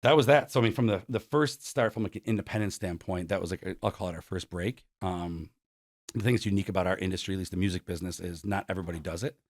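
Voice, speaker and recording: A man's voice: sits low, fast talker, no echo, clean studio sound. A man in his forties from Buffalo, a concert promoter telling stories as a guest. He acts out the quoted dialogue and leans on "like" a lot. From Buffalo, New York. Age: 40s. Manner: heavy use of "like". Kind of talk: storytelling interview.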